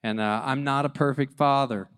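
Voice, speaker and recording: A man in his thirties telling a personal story about being a father, animated and self-mocking, acting out the dialogue. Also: mid-range voice, normal speed, clean tone.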